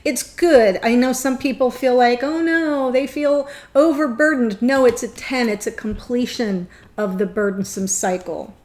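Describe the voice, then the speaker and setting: A woman giving a gushing, excitable tarot reading, choked up and near tears. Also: a little high, a little slow, hardly any pauses. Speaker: tarot reader.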